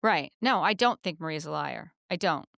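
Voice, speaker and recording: Podcast co-host, woman, smooth clear voice, dry close sound, animated retelling. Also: sits low, moderate pace, dry recording. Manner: animated storyteller, acts out quotes. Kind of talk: casual recap chat.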